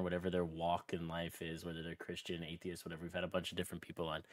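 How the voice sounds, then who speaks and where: A man's voice: sits low, darkish tone, no echo, clean studio sound. A man co-hosting a podcast, chatting casually and laughing easily with his guest. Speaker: podcast co-host. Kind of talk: casual chat.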